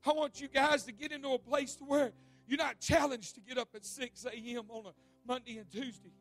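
A male pastor preaching an evening sermon in a church, telling a vivid story with repeated words and swinging from loud to hushed. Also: extremely high pitch, fairly even intonation, brisk, faint music behind. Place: church sanctuary.

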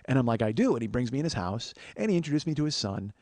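On a dry recording, a man races through a personal story on his own podcast, his darkish voice swinging widely in pitch. He speaks earnestly and confessionally to listeners, swears plenty, and acts out quoted voices in a higher pitch.

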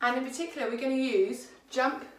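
A woman's voice: high-pitched, fairly quick, reverberant, recorded from a distance, low-quality recording. A woman with an English accent teaching a children's dance lesson, counting beats and calling out moves in an upbeat way. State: out of breath.

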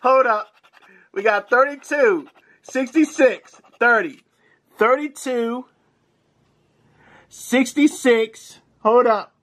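A man, commenting casually as he scratches lottery tickets, reading numbers aloud in slang and breaking into excited shouts. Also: very high-pitched, slow pace, long pauses.

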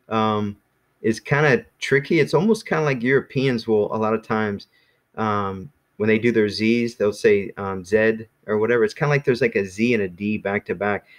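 Casting: man with a lowish voice, easygoing teacher who rambles and restarts with many ums. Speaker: Greek teacher. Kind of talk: casual classroom teaching.

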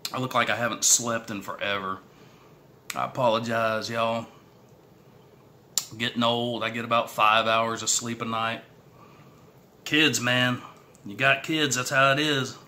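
The middle-aged Southern-accented man from Texas speaks in a mid-range voice with a sharp edge, over a slight hiss or hum. As a YouTube creator filming a casual eating challenge vlog, he talks to the camera in a folksy way and gets himself fired up.

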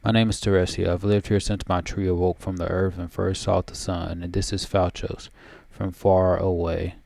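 A man reading out the lines of a worried, tender female dryad from a game, in his own low voice. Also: flat delivery, normal speed, vocal fry, darkish tone, no room sound. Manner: reads dialogue aloud from the screen. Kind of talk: reading game dialogue aloud.

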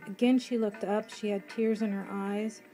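A woman reading her own rhyming poem aloud in a measured, rhythmic way. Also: mid-range voice, steady tone, rough recording. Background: soft background music.

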